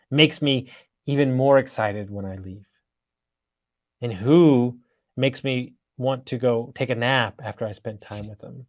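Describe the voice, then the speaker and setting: A man guesting on a podcast, telling stories in a blunt, energetic way and swearing freely, heard over a video call. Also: mid-range voice. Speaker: podcast guest, entrepreneur and coach. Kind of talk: casual storytelling.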